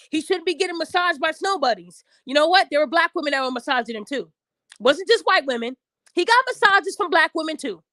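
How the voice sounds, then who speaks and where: Woman, podcast host, high voice, blunt and heated, swearing freely, dry close sound. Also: fairly bright tone, no room sound. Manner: addresses listeners directly. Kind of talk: opinion rant to camera.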